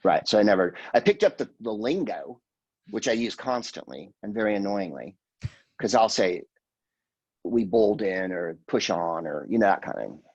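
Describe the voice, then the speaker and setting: A man's voice: fairly low pitch, lively intonation, moderate pace, darkish tone, husky, dull audio. A man in his sixties, a guest comedian, telling rambling, profane stories in casual podcast chat and slipping into quoted voices. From California, USA.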